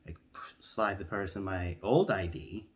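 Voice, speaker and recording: A man narrates an absurd comic story in a lowish, conversational voice. When he quotes his own reactions, his pitch leaps into an incredulous, high-pitched squeal. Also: unhurried, a little hiss or hum. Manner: animated, jumps to a high-pitched outraged squeal when quoting himself. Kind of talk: comedic storytelling monologue.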